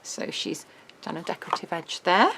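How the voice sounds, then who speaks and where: A woman's voice: lowish voice, lively intonation, background noise. Chatty woman showing a craft album. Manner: chatty, bubbly, quick laughs. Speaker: craft shop presenter. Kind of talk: casual product walkthrough.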